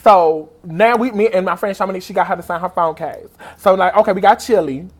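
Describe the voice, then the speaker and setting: A man telling an excited personal story on his vlog, gushing and animated and speaking straight to his viewers. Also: quick pace. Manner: animated and gushing, big pitch swings, talks straight to viewers. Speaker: vlogger.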